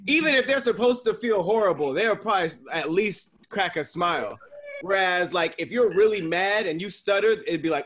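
Brief: male co-host, slightly high voice, lively pitch, quick to laugh. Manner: laughs easily, playful teasing. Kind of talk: casual podcast chat.

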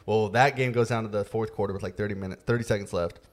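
A man hosting a podcast, telling a story in a relaxed, casual way with many fillers. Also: lowish voice, fast. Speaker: podcast host. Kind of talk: casual chat.

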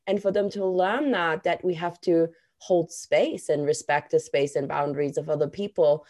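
A woman's voice: low voice, fairly even intonation, normal speed, warm tone. Enthusiastic, emphatic woman host. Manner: enthusiastic, emphatic, swears casually. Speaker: podcast host. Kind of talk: casual conversation.

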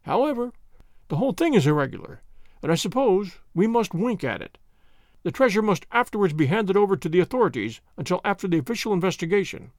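A man's voice: sits high, big pitch swings, fast, dry recording, clean studio sound. A man doing a hearty, blustering police inspector. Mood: grudging. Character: bluff hearty middle-aged male police inspector.

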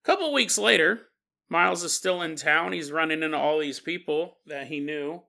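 High, bright-voiced male storyteller. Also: moderate pace, vocal fry. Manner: conversational, many fillers. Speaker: podcast host. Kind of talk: casual storytelling.

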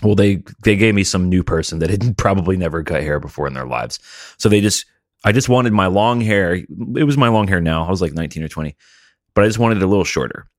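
Chill guy in his 30s, lowish voice, dry deadpan, cussing a bit. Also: quick pace, no echo. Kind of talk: casual chat.

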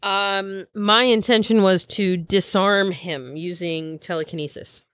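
A woman playing a tabletop game, speaking in a calm, matter-of-fact way. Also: medium pitch, unhurried, dry recording. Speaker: player. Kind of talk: casual tabletop game play.

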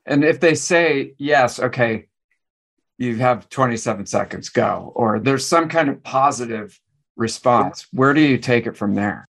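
A man's voice: mid-range voice, expressive, measured pace, vocal fry, a bit bright. A man hosting a podcast, asking brief follow-up questions. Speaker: podcast host.

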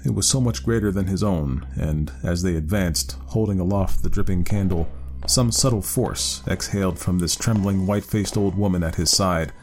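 A man narrating a ghost story in a measured, dramatic reading. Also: low voice, darkish tone. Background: faint music.

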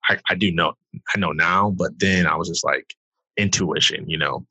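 A man's voice: deep voice, steady tone, normal speed, sharp tone, breathy edge, dry recording. A young man, a pastor from Detroit, earnestly telling his personal story as a podcast guest. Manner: earnest storyteller, rises when reliving the moment. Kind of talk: emotional personal testimony.

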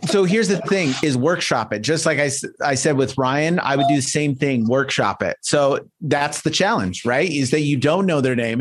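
Upbeat male co-host coaching on sales, voice on the higher side. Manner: upbeat, coaching, quick to role-play. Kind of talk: casual podcast chat.

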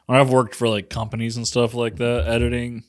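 A man's voice: medium pitch, level tone, brisk, dry recording, studio quality. A young adult man co-hosting a podcast in a laid-back, joking way, laughing often and tossing in short crude quips. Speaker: podcast co-host. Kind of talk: casual crude banter.

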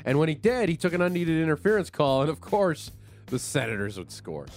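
A man's voice: a little high, big pitch swings, a little fast, over music. A man hosting a sports radio show, recapping hockey plays in a conversational way with many fillers. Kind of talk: casual sports talk recap.

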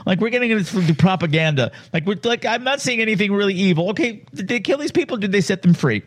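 Male co-host, casual movie chat, high voice, emotional, trips over his words. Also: expressive, quick pace. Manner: emotional, stumbling and repeating himself. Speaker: podcast co-host. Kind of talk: casual film discussion.

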